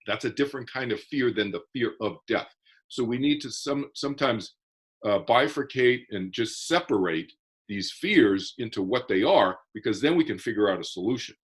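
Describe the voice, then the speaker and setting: A man's voice: mid-range voice, expressive, normal speed, breathy edge. A man, an author being interviewed, explaining his ideas earnestly in casual conversation and often restarting his phrases.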